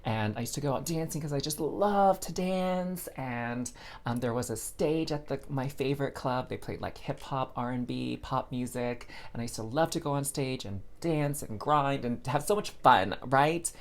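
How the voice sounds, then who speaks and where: A man with a medium-pitched voice gives a casual, chatty tarot reading at a normal speed. Expressive and friendly, he talks straight to his listeners, calling them "girl" and "y'all."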